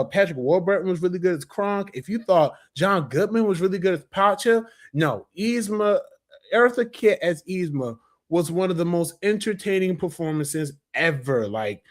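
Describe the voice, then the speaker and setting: A young man talks casually and eagerly about a film he loves. His voice sits somewhat high for a man. He rambles with fillers and restarts in an easy, conversational way. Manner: chatty and enthusiastic, many fillers and restarts. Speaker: movie reviewer. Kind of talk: casual spoken review.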